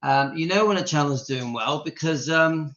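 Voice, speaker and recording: A man's voice: fairly high pitch, moderate pace, a bit bright. Giggly man hosting a home livestream. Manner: giggly, keeps breaking into laughter; talks to his dog between remarks. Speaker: live-stream host. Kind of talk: casual live-stream chat. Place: home, indoors. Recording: dull lo-fi sound.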